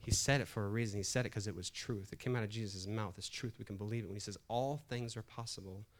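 A man's voice: fairly low pitch, fast talker, slight background noise. A middle-aged man preaching a sermon in a conversational way, often restarting phrases and building emphasis. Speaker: pastor.

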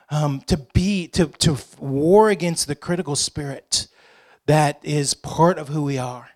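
A man preaching with a fairly high, light voice. He talks to his congregation casually and throws in joking asides. He drives his points home by repeating short phrases. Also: moderate pace. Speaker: pastor. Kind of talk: sermon.

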